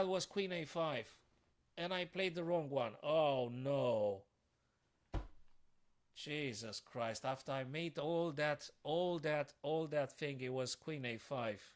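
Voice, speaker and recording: A man streaming live chess puzzles, thinking aloud to his viewers and breaking into sudden frustrated outbursts. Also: a little high.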